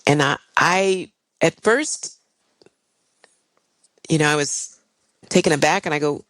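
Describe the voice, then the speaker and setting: A woman's voice: sits low, slow, a bit bright, dry recording, rough recording. An older woman, a guest and airline pilot, tells a personal story in a candid, reflective way with frequent fillers.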